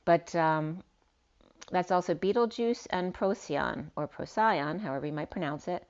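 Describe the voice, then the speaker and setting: A woman with a lowish voice speaks at a normal pace, giving a rambling spiritual tarot reading in monologue form. She free-associates through wordplay as she goes. The recording sounds dull and lo-fi.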